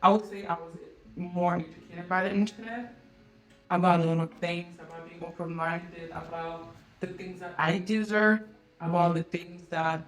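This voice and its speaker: A woman's voice: on the low side, steady tone, normal speed, rough recording. A young woman telling personal stories in casual conversation as a podcast guest, laughing often and using many fillers. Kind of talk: casual storytelling.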